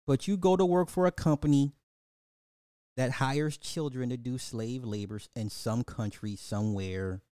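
A man's voice: medium pitch, unhurried, warm tone, clean tone, no room sound. Profane ranting man, dry podcast. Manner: profane, mocking, scolding the listeners. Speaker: podcast host. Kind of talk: ranting social commentary.

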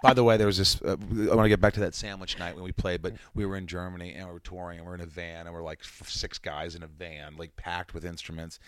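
A man in his forties, a comedian and musician, chatting casually as a guest and telling rambling, animated stories with some profanity. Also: deep voice, fast, few pauses, clear, resonant tone, dry recording. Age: 40s. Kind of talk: casual interview chat.

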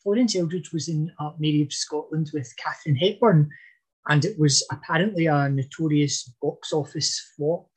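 Man, husky, a bit high, podcast history talker, thoughtful with restarts. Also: moderate pace. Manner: thoughtful, hesitant with fillers and restarts. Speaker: podcast guest expert on history. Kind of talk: casual podcast chat.

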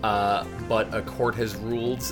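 A man co-hosting a podcast in casual, halting, rambling chat. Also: fairly low pitch, level tone, over music. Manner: rambling, halting, laughs often. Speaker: podcast co-host.

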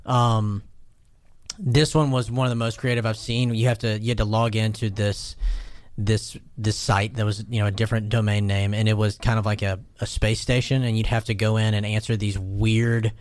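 Relaxed, enthusiastic man, dry close sound. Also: fairly low pitch, moderate pace, dry recording. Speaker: podcast co-host. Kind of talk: casual chat.

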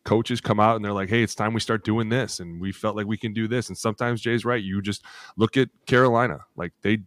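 A man in his thirties co-hosting a sports podcast, telling animated locker-room stories full of acted quotes and cursing. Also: on the low side, fairly quick, no room sound, clean studio sound. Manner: animated storytelling with acted quotes, swears freely. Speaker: podcast co-host, former NFL lineman. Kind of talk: casual chat.

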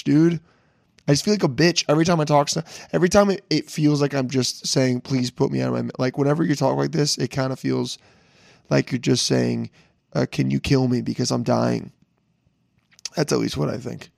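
A young man hosting a casual podcast, hoarse from a lost voice, rambling and joking with plenty of swearing. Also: mid-range voice, no echo, clean studio sound. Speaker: podcast host. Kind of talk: casual solo podcast intro.

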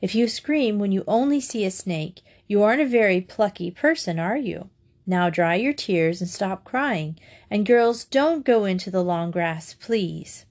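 A woman voices a brisk young headmistress from a classic school story. She speaks firmly and decidedly, kind underneath. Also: mid-range voice, expressive, a little mellow. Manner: firm, decided.

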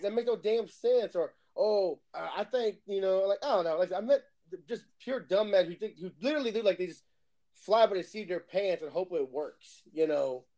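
A man's voice: sits high, dark tone. A man in casual chat, laughing and swearing as he mocks clueless bosses. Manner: laughing, profane, mocking bosses in quick bursts.

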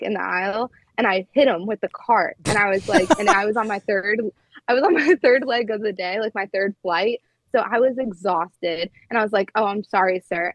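A woman's voice: mid-range voice, dry recording. A young woman in her twenties, a flight attendant, chatting casually and telling stories full of "like". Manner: chatty storytelling, lots of "like". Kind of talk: casual podcast chat.

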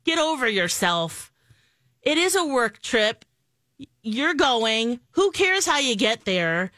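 A woman's voice: on the high side, sing-song, slow, sharp tone, no room sound. Co-host, woman, frank and joking, dry close mic. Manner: blunt, teasing, laughs often. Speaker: radio co-host. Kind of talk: casual radio chat.

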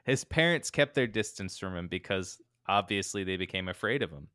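Low-voiced man casually retelling a story. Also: fairly quick, no room sound, clean studio sound. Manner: laid-back, animated retelling with fillers. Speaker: podcast co-host telling the story.

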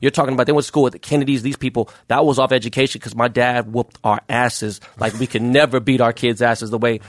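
A man working as a jeweler, talking as a guest in a casual interview, using rapid, profane street slang with lots of fillers. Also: mid-range voice, fairly even intonation.

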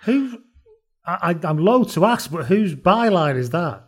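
A man's voice: sits high, big pitch swings, unhurried. A man, a podcast guest, telling stories in casual chat, swearing and laughing.

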